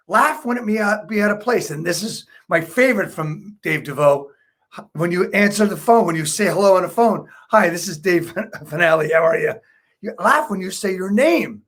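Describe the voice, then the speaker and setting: High-voiced upbeat man teaching live. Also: a bit bright. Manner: chatty, upbeat, keeps asking "right?"; self-correcting, apologetic asides. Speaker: sales trainer. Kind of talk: live online lesson.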